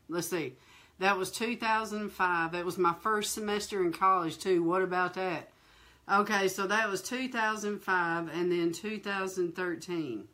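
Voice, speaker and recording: A woman hosting a fireside chat, telling a personal testimony in a lively, colloquial way and talking straight to her listeners. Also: medium pitch. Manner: animated, laughing, acts out quoted voices; colloquial, addresses listeners directly. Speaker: ministry host.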